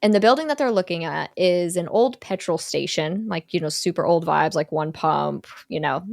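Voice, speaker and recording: A woman's voice: fairly low pitch, normal speed, vocal fry, no echo, studio quality. Chatty young woman recapping a film. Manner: chatty, many "like" fillers, quotes characters lightly. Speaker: podcast co-host recapping a film. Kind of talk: casual chat, retelling a movie plot.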